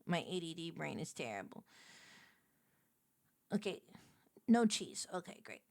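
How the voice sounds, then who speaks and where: A young woman streamer giving casual gameplay commentary, excitable and talking to herself, shouting when flustered. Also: on the low side, unhurried, vocal fry.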